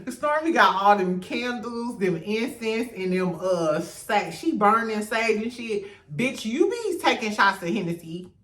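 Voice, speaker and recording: A woman's voice: medium pitch, slow, far from the mic. Sassy woman gossiping in a roomy echo. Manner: sassy, profane, laughs often, animated. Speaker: host. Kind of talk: casual reality TV gossip commentary.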